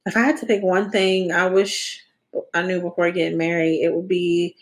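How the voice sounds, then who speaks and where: A woman guest in a casual podcast chat, an animated storyteller who slips into voices of her family. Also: lowish voice, normal speed.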